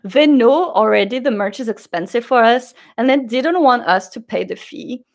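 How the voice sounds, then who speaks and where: A woman vlogger telling a story in a chatty, animated way, acting out the people she quotes. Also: a little high, normal speed.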